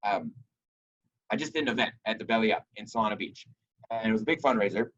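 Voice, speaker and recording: A young man giving an energetic motivational talk to a group of sales reps, telling stories and acting out dialogue. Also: lowish voice, quick pace, lo-fi sound. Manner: energetic storytelling with reenacted dialogue.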